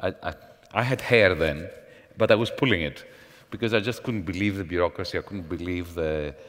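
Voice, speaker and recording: A man speaking as a panel guest at a conference, in a measured, professorial manner with false starts. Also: sits low, fairly bright tone. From Greece. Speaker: panel guest, former finance minister. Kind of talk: onstage panel conversation. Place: large conference hall. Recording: long hall reverb.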